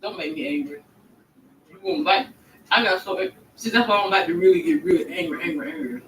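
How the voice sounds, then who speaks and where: A man with a high voice who rambles through an indignant story on a livestream. He sounds far from the microphone, and the room echoes. A faint hum of background noise sits under his speech. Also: fairly quick, fairly bright tone.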